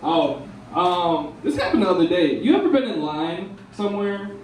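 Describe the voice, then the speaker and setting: A man's voice: sits high, lively intonation, moderate pace, slight background noise. A young man doing a rambling, casual stand-up comedy set in a bar lounge. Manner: rambling, casual, lots of ums and dudes. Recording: echoey room from far off.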